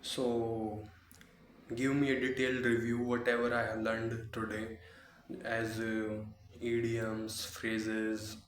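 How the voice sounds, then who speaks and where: A man practicing his English who talks to an AI assistant in slow, hesitant, monotone requests. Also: fairly low pitch, roomy sound. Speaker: English learner. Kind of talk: casual practice chat with AI.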